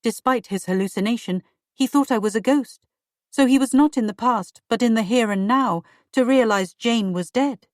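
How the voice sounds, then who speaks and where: A woman reading a first-person audiobook in slow, measured storytelling narration. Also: on the high side, a little mellow, dry recording, studio quality.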